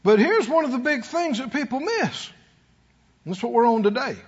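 Husky high-voiced preacher man. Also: expressive, moderate pace, lo-fi sound. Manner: call-and-response preaching, rising to shouts. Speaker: pastor. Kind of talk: sermon.

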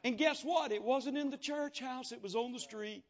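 A man's voice: extremely high pitch, normal speed. A man preaching a sermon, telling folksy testimony stories and acting out the dialogue. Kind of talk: sermon storytelling. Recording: dull lo-fi sound.

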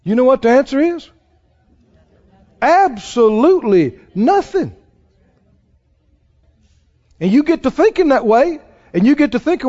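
A man's voice: extremely high pitch, sing-song, unhurried, pauses often, darkish tone. A man preaching a sermon in a folksy, emphatic way, acting out the people he quotes. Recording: dull sound with long hall reverb.

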